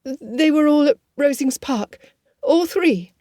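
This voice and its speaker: A woman's voice: on the high side, moderate pace, mellow, no echo, clean studio sound, voice pushed up, natural voice. A woman voicing a young heroine in an audiobook, speaking in a raised, emotional, pleading voice. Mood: distraught. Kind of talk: audiobook character voice.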